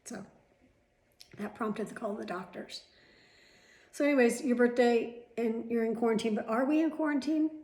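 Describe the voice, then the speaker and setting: A woman's voice: a little high, moderate pace, long pauses, a little mellow. A middle-aged woman vlogging at home, chatting casually to the camera with rambling asides and the odd swear word. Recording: echoey room.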